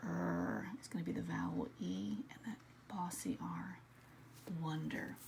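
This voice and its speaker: A woman teaching an early-grade writing lesson, slowly sounding out letters and words in a soft, often whispered voice. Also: lowish voice, fairly even intonation, gravelly, a little hiss or hum. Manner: slow, patient, sounding out letters.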